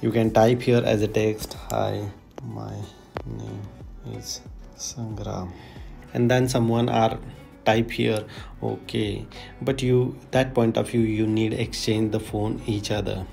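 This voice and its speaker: Mellow-voiced man demoing an app. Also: lowish voice, flat delivery, creaky, faint music behind. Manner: halting non-native English, repeats "look at this". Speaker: tech tutorial host. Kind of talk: casual screen-recorded app demonstration.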